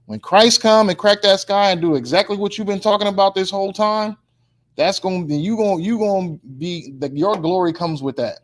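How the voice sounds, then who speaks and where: Man teaching a casual Bible class. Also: high-pitched. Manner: slow, deliberate scripture reading; loose, colloquial preaching with repeated asides.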